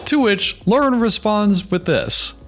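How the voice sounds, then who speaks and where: A man's voice: high voice, lively intonation, measured pace, fairly bright tone, faint music behind. A man giving sarcastic, incredulous reaction commentary on a reality show, breaking down what he sees. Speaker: YouTube commentator.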